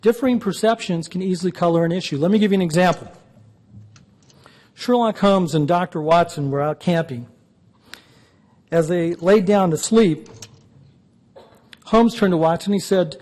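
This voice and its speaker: A man's voice: high-pitched, moderate pace, long pauses, a little mellow. A man giving a public lecture, telling jokes in a dry, punchy storytelling way. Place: lecture hall.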